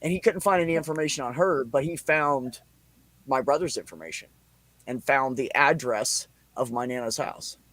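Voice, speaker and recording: A man's voice: mid-range voice, moderate pace, fairly bright tone, no echo. A middle-aged man telling a long family story in casual chat, rambling and swearing freely. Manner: rambling, profane, laughs between lines. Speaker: podcast host.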